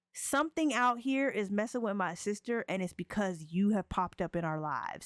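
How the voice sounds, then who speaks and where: A woman narrating a life-sim game let's play in a slangy, playful, animated way. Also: mid-range voice, no room sound, studio quality.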